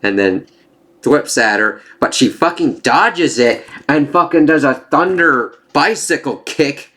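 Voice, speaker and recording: A man's voice: a little slow, pushed and bright. Guy rambling thru a comic review, swearing a lot, fixes his own slips, bumps his voice up when he reads the lines. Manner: profane and rambling, trails off and corrects himself; acts out the dialogue in livelier, higher voices. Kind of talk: casual spoiler review, reading panels aloud.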